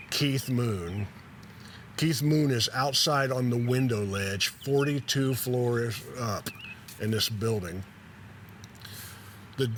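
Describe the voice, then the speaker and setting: A man's voice: mid-range voice, slight background noise. A laid-back man telling a story in a casual style, reading passages from a memoir and laughing at his own attempts at the characters. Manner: laid-back and self-deprecating, laughing as he reads.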